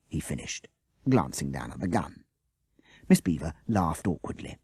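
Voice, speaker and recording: A man narrating a children's storybook audiobook with expressive delivery. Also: rumbling low, moderate pace, husky, dry recording, clean studio sound. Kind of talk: storybook reading.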